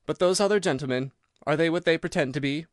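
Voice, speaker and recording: A man's voice: on the high side, fast talker, no room sound, studio quality, pitched above the performer's own voice, natural voice. A man reading an audiobook, voicing a frightened, evasive heavyset man in a reedy, quivering voice. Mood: relieved. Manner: nervous, pleading. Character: nervous fat older man, frightened and evasive.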